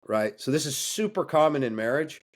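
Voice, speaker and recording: A man appearing as a coaching guest in a frank podcast conversation talks with blunt intensity, profanity and a preacher's edge. His medium-pitched voice is animated and a little fast.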